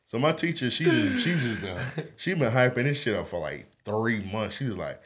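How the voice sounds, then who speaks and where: A young man spins a childhood story on a casual podcast, full of slang and bursts of laughter. His voice sits at an ordinary middle pitch and climbs high when he gets worked up. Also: moderate pace, hardly any pauses. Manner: animated, laughing storyteller with slangy street talk. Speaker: podcast co-host.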